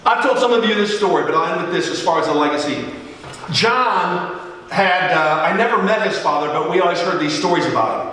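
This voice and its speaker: A middle-aged pastor tells stories in a sermon, putting on the voices of the people in them. His voice is high and bright. It carries through a large church hall, with long reverb, picked up from a distance. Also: fairly quick. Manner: joking, animated storyteller who acts out dialogue. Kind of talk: storytelling sermon.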